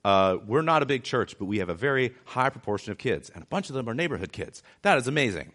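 A man's voice: mid-range voice, sing-song, fast, fairly bright tone. A man giving a conversational sermon as a church pastor, driving his points home by repeating them. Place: city church.

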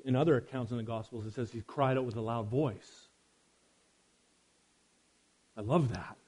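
A man preaching a sermon, swinging from loud emphasis to hushed quiet and speaking straight to his listeners. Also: medium pitch, moderate pace, pauses often. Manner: addresses listeners directly.

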